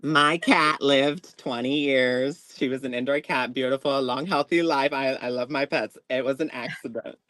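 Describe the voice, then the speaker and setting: A man hosting a casual live psychic stream, animated and laughing as he tells stories and reads tarot cards. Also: medium pitch, measured pace, no echo. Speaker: psychic reader host.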